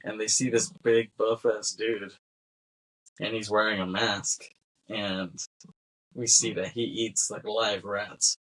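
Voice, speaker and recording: A man's voice: on the low side, level tone, slow, a bit bright, rough recording. A man co-hosting a film podcast, chatting casually and laughing often as he retells scenes. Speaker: podcast co-host. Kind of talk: casual film-discussion chat.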